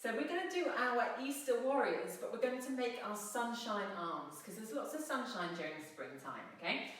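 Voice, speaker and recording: A woman's voice: on the high side, lively intonation, moderate pace, fairly bright tone. A middle-aged woman guiding a family yoga class with playful, encouraging cues for a child. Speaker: yoga instructor. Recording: echoey room, mic at a distance.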